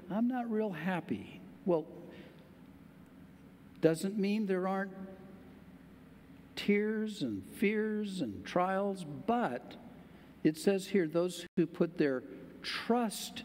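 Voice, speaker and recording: Older guy pastor, high-ish voice, chatty emphatic sermon, big hall echo. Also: a little mellow, slight background noise. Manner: conversational, emphatic, rhetorical questions to the congregation. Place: church sanctuary.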